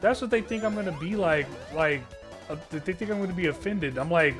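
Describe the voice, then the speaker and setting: A man's voice: sits high, brisk, music in the background. Profane, rambling male streamer. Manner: rambling, heavy cursing, sardonic. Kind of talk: profane live-stream rant to chat.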